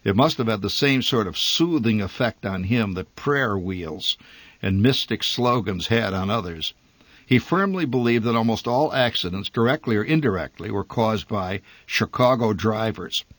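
A man reading a humorous memoir story aloud, with a wry, dry and lively delivery. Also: on the low side, moderate pace, no room sound. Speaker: narrator.

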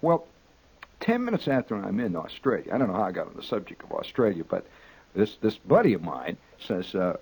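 A man telling a rambling, exaggerated comic anecdote, halting with restarts and repeats. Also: on the low side, slightly rough, rough recording. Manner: animated, exaggerating storyteller.

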